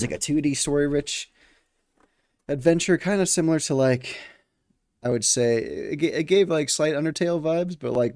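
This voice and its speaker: A man's voice: on the high side, a little mellow, dry recording, studio quality. A man streaming a game, chatting casually and joking while reading the text aloud. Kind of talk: casual game playthrough commentary.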